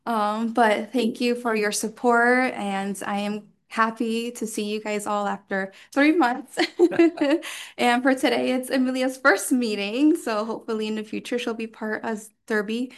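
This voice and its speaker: A woman's voice: on the high side, a little slow. A departing council member, a woman, gives a sincere, unscripted thank-you speech at a town council meeting. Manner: sincere, heartfelt.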